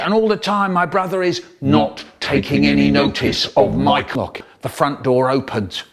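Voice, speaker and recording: A man telling a comic story about his childhood in a lively, vivid way. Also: mid-range voice, unhurried, gravelly, husky. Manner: lively, vivid storyteller who acts out the scenes. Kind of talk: comic childhood storytelling, chopped by remix edits.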